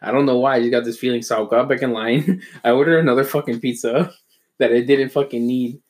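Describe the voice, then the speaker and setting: A man in a casual chat among friends, telling a story in a loose, rambling way. He swears constantly and pokes fun at himself. His pitch sits in an ordinary middle range. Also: fairly even intonation, brisk. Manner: rambling, heavy swearing, self-mocking.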